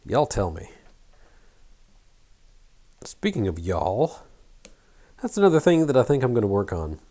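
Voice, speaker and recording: A middle-aged man with a faint, mostly flattened Southern American accent, chatting casually and muttering to himself while working at a bench. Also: lowish voice, unhurried. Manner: rambling, self-deprecating, mutters while working. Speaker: hobby shop owner building an RC truck.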